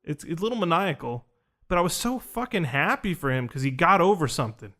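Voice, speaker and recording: A man's voice: fairly high pitch, fast. A man telling a personal story in casual conversation, acting out the dialogue he quotes. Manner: animated, acts out quoted dialogue. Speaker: podcast host recounting an experience.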